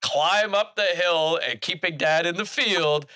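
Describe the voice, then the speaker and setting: A man's voice: a little high, unhurried. A man telling a hunting story about his father on a podcast, laughing as he goes. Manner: animated, laughing as he tells it.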